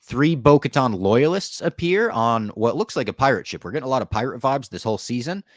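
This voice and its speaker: A man co-hosting a podcast, casually recapping a TV episode in an animated way with some laughter. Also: medium pitch, a little fast, no echo. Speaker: podcast co-host. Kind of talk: casual show recap chat.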